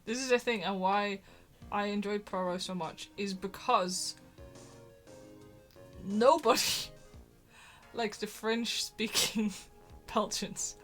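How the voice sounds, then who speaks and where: Giggly bright-voiced woman streamer. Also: mid-range voice. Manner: giggly, chatty, quick to laugh. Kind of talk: casual let's-play chat. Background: faint game music.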